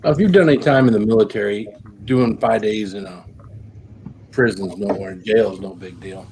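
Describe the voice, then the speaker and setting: A man's voice: fairly low pitch, normal speed, background noise. A man chatting bluntly and matter-of-factly as a guest. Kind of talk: casual chat.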